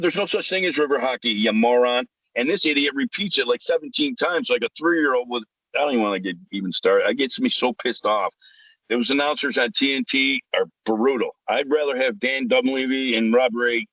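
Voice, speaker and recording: A man's voice: mid-range voice, fairly bright tone, dry recording, rough recording. A man, hosting a casual sports chat, ranting heatedly, swearing and repeating himself. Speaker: sports podcast host.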